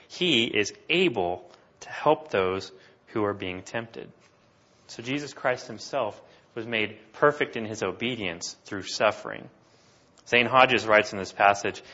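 A man preaching a sermon, explaining scripture in an animated way and asking his listeners questions. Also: lowish voice, lo-fi sound. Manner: animated, asks the congregation questions.

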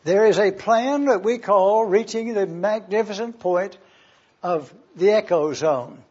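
A man preaching an expository sermon, slowly explaining Greek words and spelling them out letter by letter. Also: high-pitched, a little mellow, slightly rough. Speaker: pastor teaching Bible Greek. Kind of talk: expository Bible teaching. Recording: dull lo-fi recording.

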